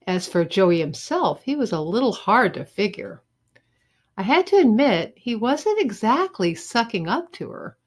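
A woman teacher reading a children's chapter book aloud with expressive storytelling. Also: medium pitch, unhurried, breathy edge.

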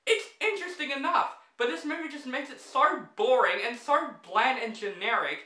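Casting note: a male movie reviewer with a high, bright voice, fed-up ranting delivery, echoey room. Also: moderate pace. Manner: exasperated, blunt, swears freely.

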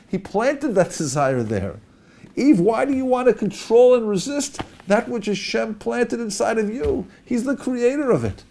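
Man voicing a coaxing, gravelly serpent. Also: high voice, a little mellow, voice pushed up, heavily acted. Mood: urgent persuasive. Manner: coaxing, rhetorical questioning. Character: sly persuasive male serpent tempter.

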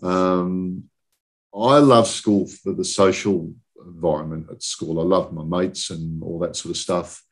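Low-voiced guy in his 60s, chatty, rambling yarns, keeps saying okay?. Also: fairly even intonation, a little slow. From southern England. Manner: rambling anecdotal storyteller, often checks in with "okay?". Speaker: guest, industry chief executive. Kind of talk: casual podcast chat.

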